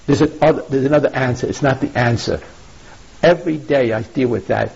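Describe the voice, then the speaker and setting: Man, sermon, storytelling, keeps asking "you see?", husky voice, dull old recording. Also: mid-range voice, lively intonation, normal speed, pauses often. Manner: storytelling, acts out quotes, rhetorical "you see?". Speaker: preacher. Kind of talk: sermon retelling a classic epic.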